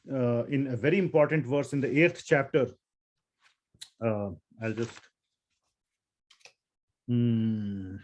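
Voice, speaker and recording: A man's voice: medium pitch, darkish tone. A man giving a scripture lecture, reciting Sanskrit verses and asking his students questions. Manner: explanatory, asks students questions. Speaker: Gita teacher.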